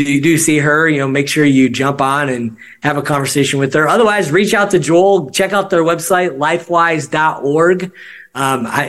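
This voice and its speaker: A man hosting a church podcast, a pastor talking in an earnest, halting way with many fillers. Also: a little high, fairly bright tone. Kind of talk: podcast interview sign-off.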